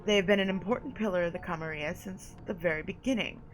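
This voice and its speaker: A woman's voice: lowish voice, quick pace, soft background music, lightly acted, rough recording. A woman voicing a haughty, condescending female vampire sire, reading game dialogue aloud with drawled endearments.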